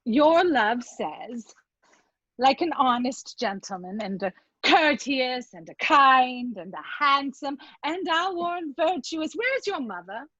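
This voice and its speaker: A woman acting an old, weary nurse with aching bones in an amateur Shakespeare reading, groaning and teasing in a slow, drawn-out way over a video call. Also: sits high, expressive, fairly bright tone, dry recording, exaggerated voice. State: acts out of breath. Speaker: actor in an online Shakespeare reading. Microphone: video call microphone. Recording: dull lo-fi video call audio.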